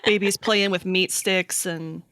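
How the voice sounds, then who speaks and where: A woman's voice: lowish voice, steady tone, measured pace, a bit bright, no echo, studio quality. A woman hosting a podcast, chatting casually and playfully with her guest. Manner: playful, acts out silly voices in jokes. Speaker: podcast host. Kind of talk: casual chat.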